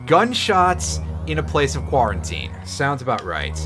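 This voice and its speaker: A man's voice: medium pitch, wildly swooping pitch, measured pace, hardly any pauses. A man streaming a game, giving casual, sarcastic commentary with swearing and jokes. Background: game music.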